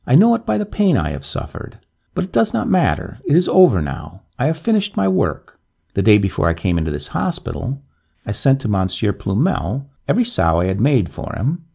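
A man voicing a dying, pious Breton peasant who speaks quietly, calmly and courteously. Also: mid-range voice, creaky, slightly rough, exaggerated voice.

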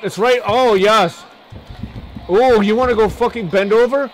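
A man's voice: extremely high pitch, big pitch swings, fast talker, crowd noise, low-quality recording. Man mimicking a brash cursing fighter. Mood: mocking. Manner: profane, taunting, boastful rants. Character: brash foul-mouthed male Irish fighter, boastful and money-hungry. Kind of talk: comedic parody voice-over.

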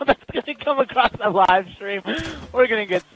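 Shrill screaming young man raging at a game. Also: normal speed, fairly bright tone, low-quality recording. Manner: screaming, swearing rage outbursts. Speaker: gamer streaming a live game. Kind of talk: raging gameplay commentary.

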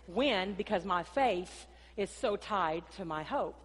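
A woman's voice: on the low side, expressive, a little slow. Woman pastor preaching with long hall reverb. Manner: preaching with dramatic rises and drops, acting out dialogue. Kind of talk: sermon. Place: church sanctuary.

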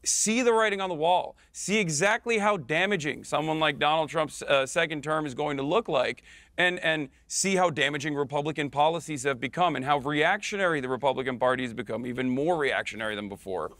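A man in his thirties argues earnestly as a guest on a political panel, his voice a little higher than most men's. The sound is dry and close. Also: fairly quick, fairly bright tone, no echo. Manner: earnest, argumentative. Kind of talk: political debate.

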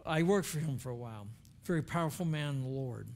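A man's voice: a little high, lively intonation, quick pace, darkish tone. An older man, a former chaplain, preaching a sermon in an earnest, conversational storytelling way with emphatic turns. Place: church sanctuary.

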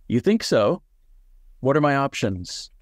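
A man's voice: mid-range voice, very animated, unhurried, dry recording, studio quality, voice pushed up. A man reading a story aloud and voicing a nervous, flustered man fumbling a coffee order at a drive-thru. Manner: nervous, hesitant.

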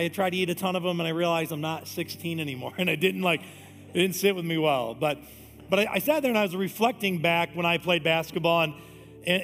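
A man's voice: a little high, fairly bright tone. A pastor in his forties giving a casual, conversational sermon, often dropping in "man". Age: 40s. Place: church sanctuary. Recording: long hall reverb, music behind.

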